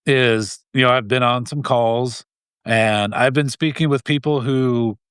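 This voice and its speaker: A man's voice: mid-range voice, fairly even intonation, a little slow, a bit bright, smooth, no room sound. Heated, earnest man in a dry room. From Idaho. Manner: earnest and heated, with frequent restarts and short laughs. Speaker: guest, gun rights group president. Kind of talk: casual interview talk.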